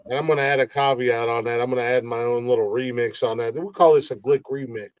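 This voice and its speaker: A man's voice: mid-range voice, steady tone, fast, smooth, no echo, dull audio. A man hosting a casual podcast, joking and profane, tripping over his words at times. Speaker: podcast host.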